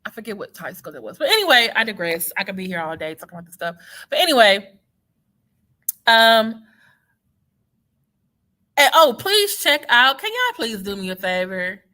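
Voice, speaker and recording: A woman with a Texas Southern drawl chats loosely on a livestream, her tone bright and sharp. She jumps between tangents and lands sarcastic asides with a teacher's ease. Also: on the high side, moderate pace, pauses often. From Houston, Texas. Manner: animated, sarcastic, digressive. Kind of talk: casual livestream commentary.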